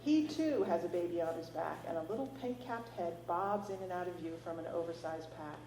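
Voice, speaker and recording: A woman author reads from her novel at a library event. She is expressive and drops in casual asides. The sound is roomy, with a faint hum behind her. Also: on the low side, brisk. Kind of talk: reading her novel aloud.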